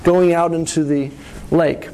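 A middle-aged man preaching a sermon, telling a story with lively rises and falls and often asking "right?". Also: on the high side, unhurried, a little hiss or hum. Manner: animated storytelling, asks "right?".

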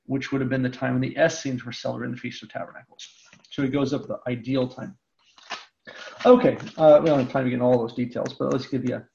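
A man teaching a Bible lesson, reading scripture aloud and pausing to stretch key words for emphasis. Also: mid-range voice, creaky, darkish tone. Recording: dull lo-fi lecture recording.

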